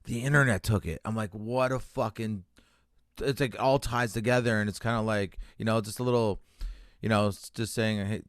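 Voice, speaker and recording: Swearing, emotional Canadian comedian. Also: male voice, on the low side, steady tone, dry recording, clean studio sound. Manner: emotional, swears freely, halting restarts. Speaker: comedian guest. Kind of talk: candid interview storytelling. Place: radio studio.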